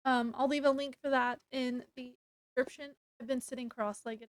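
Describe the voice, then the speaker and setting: A woman's voice: high-pitched, steady tone, moderate pace, dry recording. A woman with a child, casually retelling a novel's ending for her book review vlog, sniffly from allergies and filling her talk with "like" and little laughs. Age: adult with a child. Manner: chatty retelling with many "like"s and laughs.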